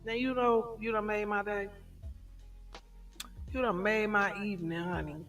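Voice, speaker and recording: A middle-aged woman hosting a casual livestream chat, telling stories in an animated way and laughing often. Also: medium pitch, unhurried, recorded from a distance, faint music behind. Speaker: livestream host.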